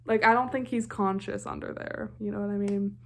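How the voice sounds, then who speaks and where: A woman's voice: medium pitch, fairly even intonation, a little fast, creaky. A young adult woman giving casual reaction commentary on a TV episode, gushing and filling her talk with "like". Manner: gushing, heavy on filler "like". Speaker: TV reaction vlogger.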